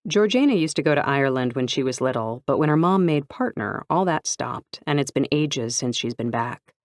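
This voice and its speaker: A woman narrating a first-person novel in an even, clear storytelling voice. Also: a bass voice, moderate pace, no echo. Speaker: audiobook narrator.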